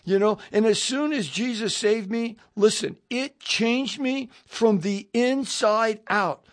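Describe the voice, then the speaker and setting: An older man with a notably high voice tells his personal testimony to radio listeners, animated and acting out every exchange. The sound is close and dry, with no room around it. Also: slow, no echo. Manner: animated storytelling, acting out both sides of dialogues.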